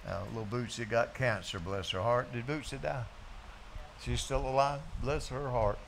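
A man's voice: mid-range voice, fairly even intonation, normal speed, creaky, a little hiss or hum. A man preaching a sermon to his congregation, telling folksy stories and firing off rhetorical questions. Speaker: pastor. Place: church before a congregation.

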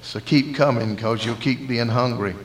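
A man's voice: mid-range voice, moderate pace. A man with a Southern US accent preaching a sermon in a folksy storytelling way. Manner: folksy storytelling, acting out dialogue.

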